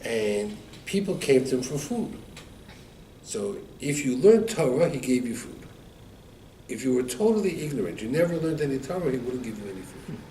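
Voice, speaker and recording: A man teaching a Torah class, telling stories and acting out the quotes with lively rises in his voice. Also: normal speed. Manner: animated storyteller, acts out quotes with rising pitch. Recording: echoey room, mic at a distance, faint background noise.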